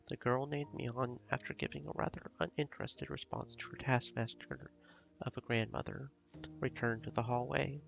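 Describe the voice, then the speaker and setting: Gravelly man narrating a visual novel. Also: medium pitch, steady tone, moderate pace, a bit bright, muffled recording, soft background music. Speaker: streamer reading a visual novel.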